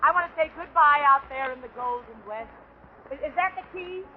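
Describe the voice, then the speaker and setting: A woman comedian delivering a brassy, wisecracking 1930s radio comedy monologue with quick asides. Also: high voice, a little hiss or hum. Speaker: comedian guest. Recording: dull 1930s radio broadcast recording.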